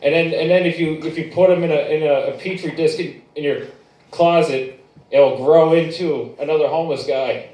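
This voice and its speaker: A man's voice: on the high side, fairly even intonation, normal speed, a little mellow. A man doing stand-up at a bar open mic, telling a crude, rambling story with plenty of restarts. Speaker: stand-up comic. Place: bar stage, echoey room. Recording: echoey bar room, distant mic.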